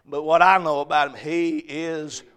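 A male pastor preaching a sermon, swinging between shouted emphasis and quiet storytelling. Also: a little high, little pitch movement, measured pace, clean tone. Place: church sanctuary.

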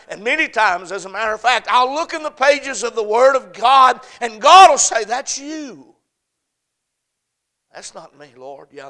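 A man preaching a sermon, swinging between loud emphatic peaks and soft, hushed lines, repeating phrases in a preaching cadence. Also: high voice.

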